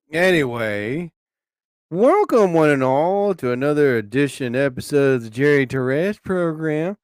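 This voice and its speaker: Excitable man ranting on a live stream. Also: fairly high pitch, smooth, no room sound, studio quality. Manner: excitable, swears, quick frustrated outbursts. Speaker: live show host. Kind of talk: casual rambling live stream.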